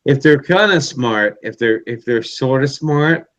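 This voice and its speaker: A man's voice: mid-range voice, lively intonation, a little slow, fairly bright tone. A man from Boston with a Californian accent, co-hosting a stream, joking and laughing often. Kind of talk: casual chat.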